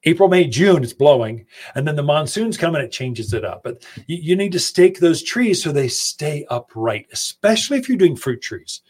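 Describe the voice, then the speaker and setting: A man's voice: a little high, very animated, normal speed, hardly any pauses, a little mellow. A man hosting a gardening radio show, giving folksy, chatty advice straight to his listeners into a studio microphone. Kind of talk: casual radio advice talk.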